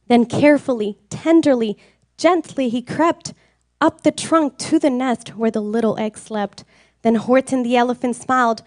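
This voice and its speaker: High-voiced woman reading a rhyming story. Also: normal speed, no echo, studio quality. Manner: rhythmic, expressive and sing-song. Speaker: reader.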